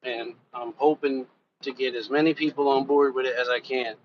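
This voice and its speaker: A man's voice: medium pitch, fairly even intonation, moderate pace. A man hosting a casual live stream, talking loosely and directly to his viewers, cursing offhand as he rambles. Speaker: reaction channel host and rapper. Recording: dull lo-fi sound with faint background noise.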